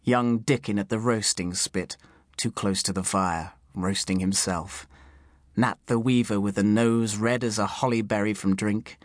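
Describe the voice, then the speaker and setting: A man's voice: lowish voice, steady tone, measured pace, no room sound, studio quality, lightly acted. A man doing a weary, musing traveller. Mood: wistful. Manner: quiet, musing inner thoughts. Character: weary male traveller returning home.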